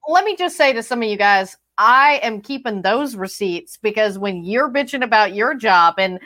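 A woman with a somewhat high voice chats with her co-host in a lively, opinionated way. Her voice jumps sharply upward when she gets exasperated. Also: moderate pace, hardly any pauses. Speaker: podcast co-host. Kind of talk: casual chat about soap operas.

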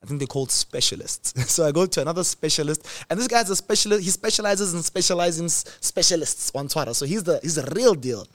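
A man's voice: on the high side, fast, hardly any pauses, no room sound. A young man telling a personal story in casual talk, laughing often and acting out the people in it. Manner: animated, laughs often, acts out doctors' lines. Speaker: host.

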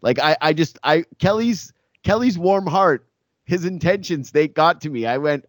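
A man co-hosting a sports podcast, rambling and animated with many filler words in casual chat. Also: fairly high pitch, moderate pace, dry recording, clean studio sound.

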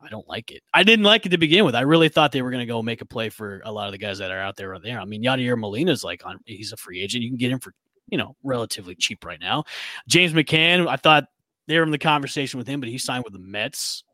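A man co-hosting a sports podcast, ranting in animated, casual talk full of restarts. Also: mid-range voice, quick pace, dry recording, clean studio sound. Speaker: podcast co-host.

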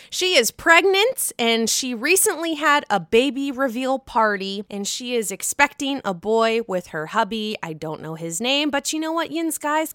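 A young woman hosting a casual gossip podcast, excitable, gushing and swearing freely. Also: on the high side, dry recording, studio quality. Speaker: podcast host.

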